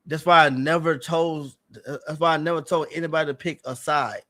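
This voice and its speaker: A man's voice: a little high, steady tone, normal speed, a bit bright. A man talking casually on a livestream, rambling and repeating himself in an earnest, aggrieved way. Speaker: streamer guest.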